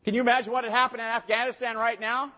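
High-voiced man preaching in a reverberant church. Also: level tone, racing. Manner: storytelling, rising to loud emphatic peaks. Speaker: pastor. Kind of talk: sermon. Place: church sanctuary. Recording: dull lo-fi audio with long hall reverb.

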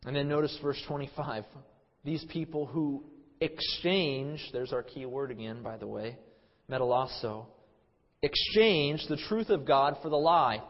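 A man preaching an expository Bible sermon, stressing words loudly and then trailing off quietly, often repeating himself. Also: mid-range voice. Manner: emphatic, swings between loud stresses and quiet trailing phrases, repeats words. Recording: dull sermon recording with long hall reverb.

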